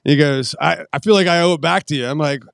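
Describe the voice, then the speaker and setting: A man's voice: fairly high pitch, quick pace, vocal fry, dry recording, studio quality. A middle-aged man telling stories in a casual podcast chat, swearing and laughing often as he rambles. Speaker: podcast guest.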